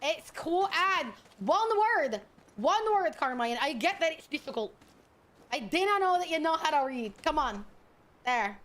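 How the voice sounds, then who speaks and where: A young woman streaming a game, chatting casually with crude, teasing humor and loud bursts of laughter. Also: high voice, expressive, normal speed.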